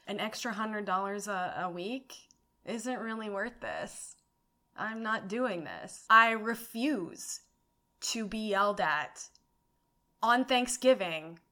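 A young woman hosting her own podcast, telling stories in an animated way, swearing freely and saying "like" often. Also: a little high. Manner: animated, swearing storyteller with frequent "like". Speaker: podcast host. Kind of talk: casual solo podcast monologue.

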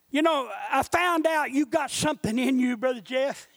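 A man preaching with a very high, piercing voice, caught in a dry, close recording with no room sound. He moves from quiet storytelling to impassioned shouting as he drives home his point. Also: normal speed, no echo. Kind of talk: sermon.

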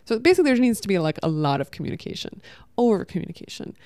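A woman's voice: mid-range voice, big pitch swings, rapid-fire, warm tone, dry recording. A young woman telling a personal story to camera, emotional and rambling, full of restarts and quoted dialogue, recorded at home. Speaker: vlogger.

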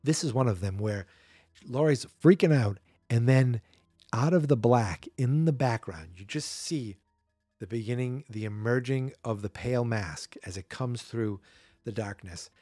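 A man talks through a horror movie scene by scene and acts out the characters' lines in a lively way. His voice is mellow and a little husky. He sounds close and dry, as if recorded in a small room. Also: medium pitch, no room sound. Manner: animated storyteller acting out characters' lines. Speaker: podcast host. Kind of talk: casual movie recap.

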